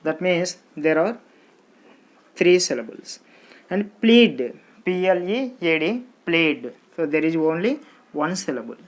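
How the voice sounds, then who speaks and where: Unhurried teacher, drills exam vocabulary by saying each word again and again and counting syllables aloud. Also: mid-range voice, very animated. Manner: repeats each word slowly, stretching syllables and counting them out. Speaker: English teacher. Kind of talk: exam-prep grammar lesson.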